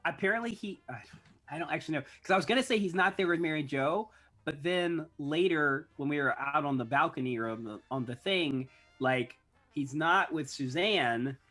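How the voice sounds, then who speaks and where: A woman's voice: deep voice, animated, moderate pace, fairly bright tone, faint music behind. A woman co-hosting a casual recap podcast, hesitant and self-correcting, with a wry tone. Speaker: podcast co-host.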